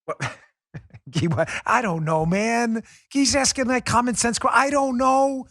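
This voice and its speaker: A man's voice: extremely high pitch, measured pace, a bit bright, no echo, studio quality. An American man hosting a political podcast, talking sarcastically and laughing often as he mocks. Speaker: podcast host. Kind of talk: political commentary.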